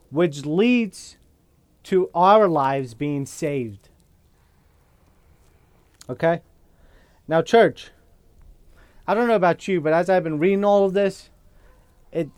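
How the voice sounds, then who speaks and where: A high-pitched man delivers a sermon at a measured, unhurried pace. He talks deliberately and keeps checking in with the congregation. The sound is dry and close. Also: no echo. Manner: slow and deliberate, keeps asking "okay?". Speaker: pastor.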